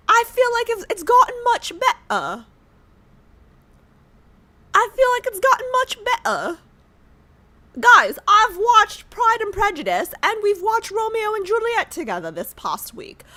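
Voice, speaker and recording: A young woman streamer from New York talks to her chat in a high, bright voice that leaps up and down with lively swings. She rambles, restarts her sentences and breaks into laughter easily, keeping the whole thing loose and playful. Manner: animated, chatty, laughs often, rambles with restarts. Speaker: livestreamer. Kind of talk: casual livestream chat.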